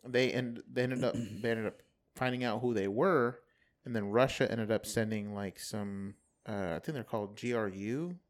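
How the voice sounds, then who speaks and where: A man's voice: lowish voice, fairly even intonation, moderate pace. A man co-hosting a podcast, chatting casually and rambling through a story with restarts. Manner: rambling, laid-back, trails off and restarts. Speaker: podcast co-host. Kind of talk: casual chat.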